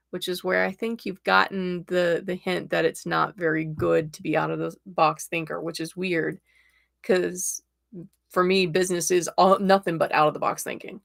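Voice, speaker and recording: A young adult woman hosting a casual livestream tarot reading, chatty and excitable, laughing often. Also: on the low side, vocal fry, dry recording, studio quality. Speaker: tarot reader and livestream host.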